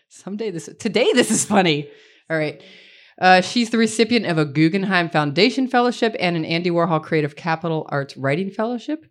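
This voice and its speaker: A woman is hosting a live reading in a bookstore and introducing a guest author. She has a fairly low voice and a playful, self-deprecating way of talking, with plenty of banter as she reads the bio. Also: expressive, brisk. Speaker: event host introducing an author.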